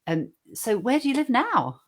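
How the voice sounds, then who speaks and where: A woman co-hosting a casual online show, chatty and quick to laugh. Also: fairly high pitch, huge pitch swings. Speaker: co-host. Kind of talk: casual live-stream chat.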